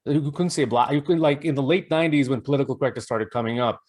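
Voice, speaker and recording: A man co-hosting a podcast, telling stories in a halting, hesitant way with many fillers. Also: medium pitch, darkish tone. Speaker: podcast co-host. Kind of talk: casual political chat.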